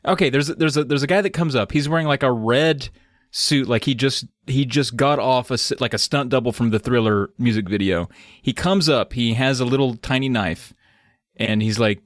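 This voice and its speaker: A man's voice: mid-range voice, moderate pace, no room sound. A young adult man co-hosting a podcast, casually joking and animatedly retelling film scenes. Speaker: podcast co-host. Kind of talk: casual chat.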